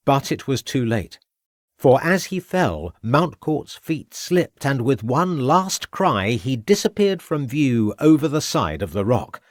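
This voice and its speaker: In clean studio sound with no room reverberation, a medium-pitched male narrator reads a crime audiobook script. His storytelling is steady and measured.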